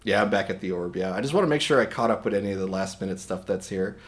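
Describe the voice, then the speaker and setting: A man hosting a livestream, talking casually and rambling with many restarts, his voice a little hoarse today. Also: low-pitched, animated, quick pace. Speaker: livestream host. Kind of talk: casual stream chat.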